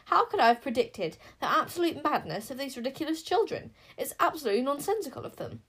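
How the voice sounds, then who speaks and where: Raging proud wizard king, loud and indignant, as a woman reader puts him on. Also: sits high, sing-song, fast talker, pitched above the performer's own voice. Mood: furious. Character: furious proud wizard king, adult man.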